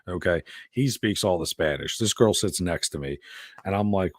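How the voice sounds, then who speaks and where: Brief: very low, dry-voiced male podcast host, rambling and profane. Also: expressive, fairly quick, darkish tone, no room sound. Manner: crude, rambling, swears a lot. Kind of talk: casual storytelling chat.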